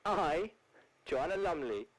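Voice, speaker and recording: A man's voice: high-pitched, measured pace, pitched above the performer's own voice, poor audio. A man putting on the voice of a posh, theatrical older English actress who drawls and calls everyone darling. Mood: grandly theatrical. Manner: plummy, drawling, calls people darling and dear. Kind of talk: comedic celebrity impression.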